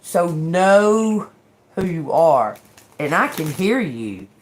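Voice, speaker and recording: A woman tarot reader hosting a livestream, ranting in a casual way. She is animated, laughs often, swears freely, and acts out quoted exchanges. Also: fairly low pitch, slow, slight background noise.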